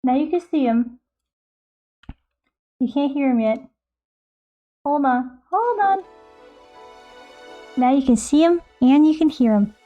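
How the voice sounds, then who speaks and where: A woman's voice: sits high, measured pace, pauses often, highs cut off, faint music behind. A young American woman chatting casually with her live-stream viewers, bubbly and self-mocking. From United States.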